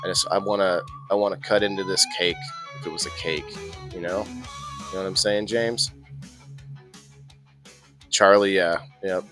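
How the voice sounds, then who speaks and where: A man's voice: low-pitched, steady tone, moderate pace, long pauses, bright, forceful tone, soft background music. A man hosting a casual indoor gardening live stream, chatting loosely with plenty of restarts. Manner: rambling, chatty, frequent restarts and laughs. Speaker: host of an indoor growing show.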